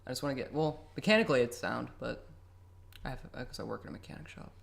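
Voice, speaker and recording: 19 yr old guy rambling on a podcast, fast and crude, raspy fry in his voice. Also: medium pitch, a bit bright. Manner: crude, swears a lot, rambling. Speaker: podcast co-host. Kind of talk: casual joking chat.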